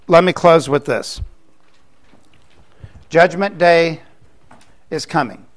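An older man from Florida, preaching a sermon in a conversational way, with joking asides. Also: a little high. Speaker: pastor.

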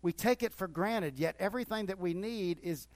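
A man's voice: high voice, moderate pace, a little mellow, no echo. A middle-aged male pastor preaching conversationally, with repeated surges of enthusiasm. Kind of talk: sermon.

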